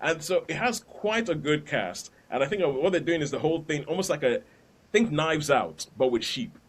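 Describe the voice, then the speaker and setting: A man's voice: on the high side, lively intonation, normal speed, a little hiss or hum. A man hosting a podcast, chatting casually about films and laughing between points. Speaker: podcast host. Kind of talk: casual film review chat.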